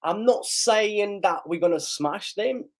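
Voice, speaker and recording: A man hosting a live match reaction stream, slightly hoarse, excitable and shouting and chanting at big chances. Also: sits high, slow. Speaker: live stream host, fan of the team.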